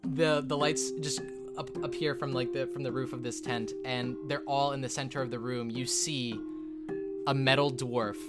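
A game master talks players through a tabletop scene, stumbling over his words and restarting often, laughing as things get silly. His pitch sits in the middle range, and clear music plays behind him. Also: fairly even intonation, moderate pace. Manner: rambling, laughing, many restarts and fillers.

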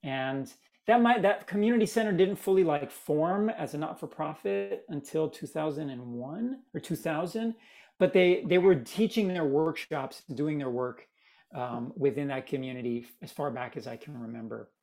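A man from Miami, a guest in an interview, telling stories in a lively, casual way. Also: on the high side, moderate pace, vocal fry. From Miami, United States. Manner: animated, acts out quoted voices. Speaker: guest, theater maker.

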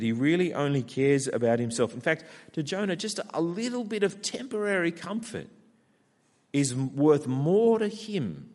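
A man with an Australian accent preaching a sermon, acting out a sulky character's complaints in a lively way. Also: on the high side. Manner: animated, acts out Jonah's whiny complaints. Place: church hall. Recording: long hall reverb.

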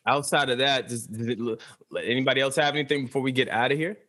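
A man's voice: mid-range voice, fairly even intonation, fast talker, sharp tone. A man hosting a podcast in casual chat with an American accent, restarting and repeating words as he talks. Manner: stammering restarts, emphatic repetition. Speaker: podcast host.

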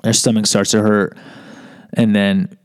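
A man's voice: on the low side, level tone, measured pace, clear, resonant tone, no room sound, poor audio. A man in his fifties telling a rambling personal story, digressive, wry and self-mocking.

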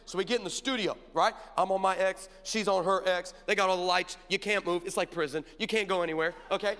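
A man preaching a sermon, telling a story and acting out the dialogue with animated energy. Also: sits high, fast talker, smooth. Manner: animated, acts out dialogue, builds to shouted preaching. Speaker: pastor. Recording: long hall reverb.

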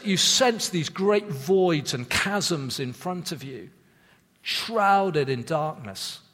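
Male preacher, high-pitched, earnest and measured sermon delivery, long church-hall reverb. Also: a bit bright. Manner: earnest, measured, drops low for emphasis; repeats words when restarting a thought.

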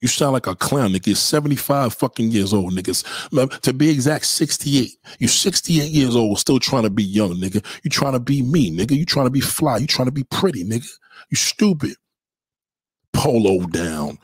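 Brooklyn man, husky, profane roast-style livestreamer. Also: medium pitch, animated, fairly quick, hardly any pauses, no echo. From Brooklyn, New York. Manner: profane, mocking, loud bursts of insults. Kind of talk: trash-talking livestream rant.

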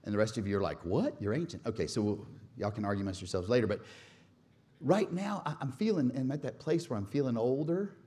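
A man in his forties preaching a sermon with animated, humorous storytelling. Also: medium pitch, quick pace. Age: 40s. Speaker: pastor.

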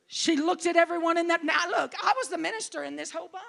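A middle-aged woman pastor preaching a sermon, telling a personal story with rising emotion and shouting. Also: very high-pitched, quick pace, gravelly. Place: conference hall.

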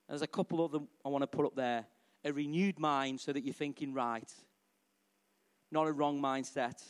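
Animated pastor preaching. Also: male voice, on the high side, clean tone. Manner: animated, conversational preaching with questions to the congregation. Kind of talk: sermon.

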